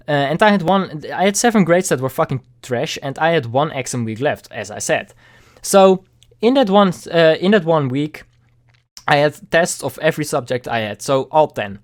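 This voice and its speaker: A young man vlogging a candid personal story, halting and repeating words, with casual swearing. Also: fairly high pitch, animated.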